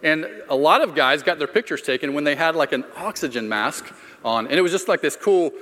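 A man's voice: a little high, expressive, fairly quick, sharp tone. Man preaching in a reverberant hall. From Florida. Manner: conversational storyteller, self-deprecating humor. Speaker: pastor. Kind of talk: sermon with personal story.

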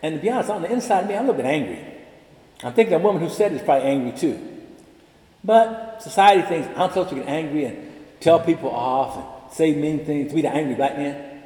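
Lively older man speaking in an echoing chapel. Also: on the high side, fast. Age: about 70. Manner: animated storyteller, acts out dialogue. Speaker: convocation speaker. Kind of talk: ceremonial address with personal stories. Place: large chapel. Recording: echoey chapel with long reverb.

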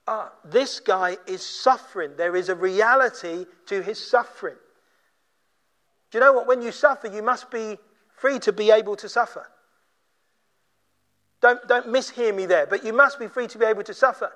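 A man's voice: sits high, moderate pace, long pauses, sharp tone. A man preaching a sermon in a conversational way, briefly acting out the people he quotes. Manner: conversational, acts out quoted voices. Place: church.

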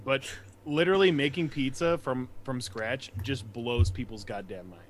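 A man's voice: medium pitch, normal speed. A young man co-hosts a casual chat podcast, swearing freely and firing off opinions. A faint hiss of noise sits under his voice. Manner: profane, ranting, opinionated. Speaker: podcast co-host.

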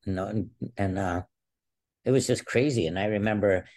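Brief: low-voiced man in his sixties, guest storyteller, emphatic and rambling, full of restarts. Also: moderate pace, darkish tone. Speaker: interview guest, former Olympic wrestler. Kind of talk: storytelling in a casual interview.

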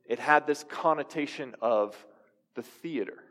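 A man's voice: mid-range voice, a little slow, a bit bright. A young adult man preaching a sermon in a conversational style, asking his listeners questions. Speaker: pastor. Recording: reverberant hall.

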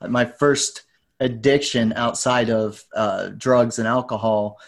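A man in his forties talks as a podcast guest. He rambles and drifts onto tangents. He gets animated when he repeats what other people said. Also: medium pitch, slow, vocal fry. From United States. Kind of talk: casual storytelling interview.

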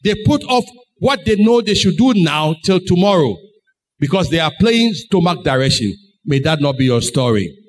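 Animated preacher, high voice. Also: male voice, moderate pace. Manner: dramatic storytelling, acting out voices in the tale. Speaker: pastor. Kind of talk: sermon.

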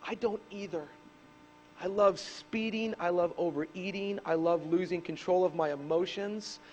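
A man preaching a sermon to a live congregation, swinging between loud emphatic bursts and hushed asides. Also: sits high, moderate pace, muffled recording, slight background noise. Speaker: pastor. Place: church service with a live congregation.

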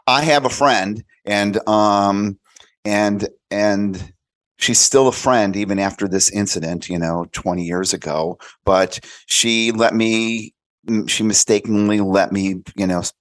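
A man with a lowish voice chatting as a podcast guest. He tells lively anecdotes and slips into quoted voices along the way. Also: measured pace. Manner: animated storyteller, acts out quoted voices. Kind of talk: casual chat.

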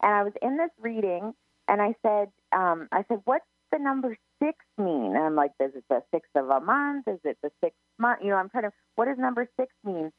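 A woman's voice: mid-range voice, big pitch swings, brisk, dry recording. A woman who gives psychic readings, chatting casually as co-host and telling stories with many restarts and quotes of herself. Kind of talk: casual radio chat. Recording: narrow phone-line sound, dry.

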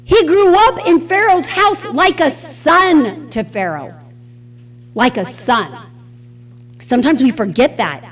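A middle-aged woman with a Southern US accent teaching a Bible lesson. She talks in an animated way and acts out the quotes she tells. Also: high voice, takes it slowly. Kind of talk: sermon.

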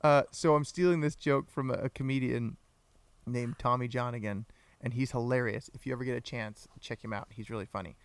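A man co-hosts a casual live podcast, joking, laughing often and reading out viewer comments. His mid-range voice is clean and steady in tone, and he talks a little fast.

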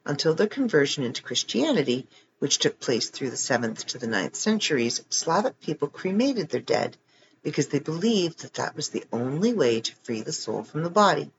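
Male reader, casual, wry asides, animated pitch, slightly muffled home recording. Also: normal speed, gravelly, slight background noise. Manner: joking, reads text then adds wry comments. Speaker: reader of online articles. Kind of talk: casual reading aloud with asides.

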